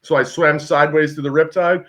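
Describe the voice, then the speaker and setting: A man's voice: on the high side, brisk. A young man telling a story in casual chat on a video call, acting out the voices of the people in it. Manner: animated storyteller, acts out voices.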